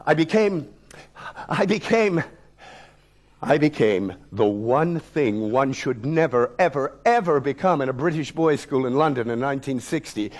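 A man in his sixties, an actor and lecturer, telling a story from his childhood in a vivid, wry, theatrical way. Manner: dramatic, vivid, wry delivery with big swings in pitch and loudness.

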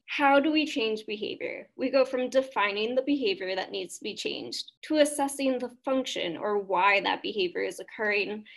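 A woman presenting a webinar on behaviour therapy, explaining steps and quizzing her audience. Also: fairly high pitch. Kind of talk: webinar lecture.

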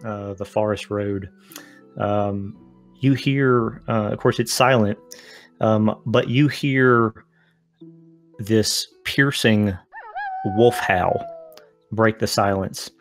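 A man narrating a tabletop game as game master, with dramatic descriptions and filler pauses. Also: on the low side, faint music behind.

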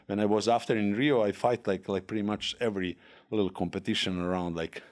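Man speaking halting. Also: fairly low pitch, fairly even intonation. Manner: halting, many fillers and restarts, non-native grammar. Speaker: guest, former legionnaire. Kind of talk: casual podcast chat.

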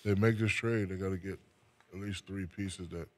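In a casual interview, a retired New Jersey basketball player speaks at a normal speed in a low voice with fairly even intonation. He's easygoing and tends to repeat words when starting a sentence.

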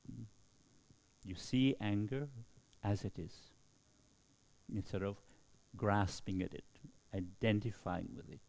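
The voice is a middle-aged man's, fairly low and gravelly, as he speaks like a Buddhist monk giving a dharma talk. Slow and full of pauses, his delivery is dotted with a soft, questioning "hmm?" aimed at those listening.

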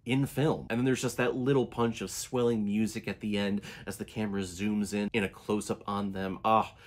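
A man giving a casual, animated movie review to his viewers, with enthusiastic asides. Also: on the low side, moderate pace, low-quality recording.

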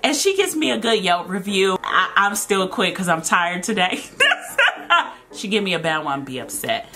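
A young woman giving sassy comic commentary over a pimple-popping game, squealing loudly in disgust. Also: lowish voice, lively intonation, normal speed, soft background music. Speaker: gaming vlogger.

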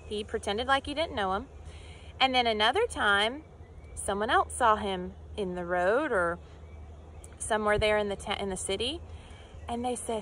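A woman's voice: a little high, expressive, moderate pace, fairly bright tone, a little hiss or hum. A woman teaching children in church, telling a Bible story with acted-out voices and questions to the kids.

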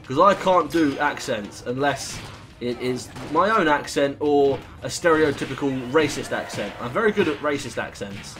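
A man's voice: medium pitch, animated, normal speed, a bit bright, soft background music. Rambling, sweary British gamer guy. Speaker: gaming YouTuber. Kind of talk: gameplay commentary.

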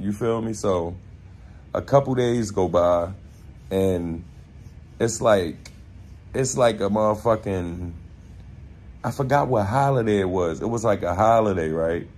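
A young man with a Baltimore accent telling a casual story, animated and profane, acting out quotes in street slang. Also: on the low side, measured pace, pauses often. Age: young adult.

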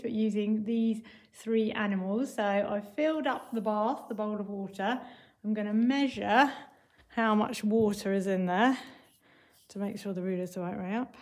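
A woman teacher, explaining maths and reading a picture book aloud to young children in a clear, patient way. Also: medium pitch, darkish tone. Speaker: primary school teacher.

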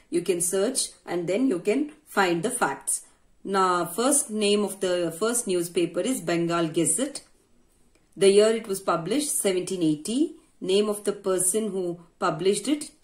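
A woman teacher with an Indian English accent and a fairly low, darkish voice patiently guides young children through a grammar worksheet. As she explains, she poses questions to herself.

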